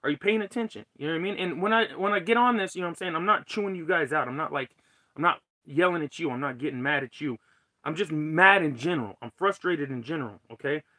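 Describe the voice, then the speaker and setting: A man's voice: fairly high pitch, quick pace, sharp tone, dry recording. A man live-streaming an angry, profane rant from his tent as a cannabis vlogger. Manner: heated, profane, ranting. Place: tent under a carport.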